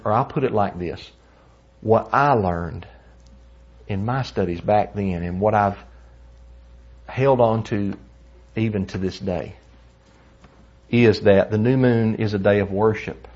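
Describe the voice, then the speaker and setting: A man's voice: fairly low pitch, unhurried, darkish tone. A man teaching a Bible lesson in an earnest, conversational way, telling personal stories along the way. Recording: dull lo-fi recording.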